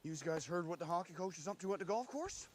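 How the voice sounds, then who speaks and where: A man's voice: high-pitched, lively intonation, fast, noisy background. An actor playing a blunt, crude small-town guy in sitcom dialogue.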